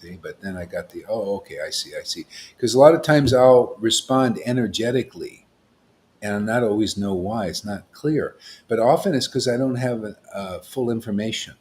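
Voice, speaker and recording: A man leads an informal spiritual talk in a fairly low voice. He rambles from point to point and keeps checking in with his listeners. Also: moderate pace, a little mellow. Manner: rambling, peppered with "see?" and "you know". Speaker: spiritual teacher.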